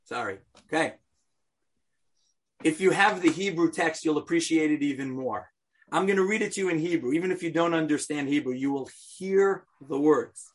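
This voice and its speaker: A man's voice: a little high, fairly bright tone, breathy edge. A man teaching an informal Bible class, joking and talking to the group directly. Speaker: Torah teacher.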